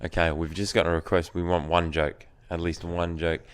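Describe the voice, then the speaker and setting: A man hosting an interview, polite and soft-spoken as he thanks his guest. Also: low voice, level tone, normal speed. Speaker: host. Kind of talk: interview chat.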